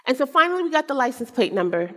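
A woman preacher telling a personal story in a sermon, animated and self-mocking, acting out the people in it. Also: high-pitched, racing. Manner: animated, acts out quotes, self-mocking humor. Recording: long hall reverb.

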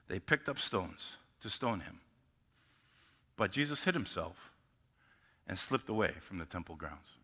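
A man's voice: fairly low pitch, sharp tone, big-room sound. A male pastor preaching a sermon emphatically, often restarting his sentences mid-thought.

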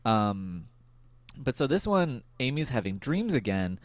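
A male podcast host chatting casually about a TV episode, laughing often and filling pauses with "um.". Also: medium pitch, big pitch swings, no room sound. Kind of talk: casual chat recapping a TV episode.

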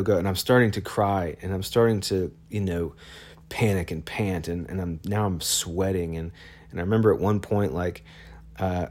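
A man telling a personal story in a casual, halting way, with many fillers and restarts. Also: low voice, darkish tone.

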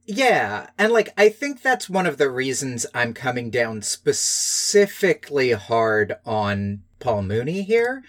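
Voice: mid-range voice, sing-song, slow, few pauses. Critical podcast co-host who says "like" a lot. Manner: critical, heavy use of "like". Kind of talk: casual film-review chat.

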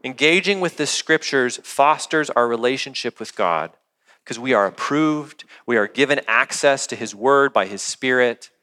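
A man's voice: medium pitch, lively intonation, moderate pace, sharp tone, clear, resonant tone. A young adult man preaching a sermon as a pastor, earnest and conversational, often asking the congregation questions. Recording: long hall reverb.

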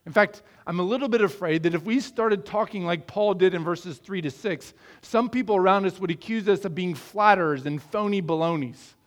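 A man's voice: sits high, moderate pace, hardly any pauses. A middle-aged man from the American Midwest preaching a sermon, earnest and conversational, asking his listeners questions. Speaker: pastor.

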